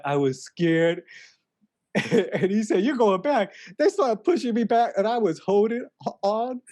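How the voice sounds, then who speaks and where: Telling a comedic story in a dreamy, rambling way, a man stretches out "man" and repeatedly restarts sentences that trail off. His voice sits high yet has a dark tone.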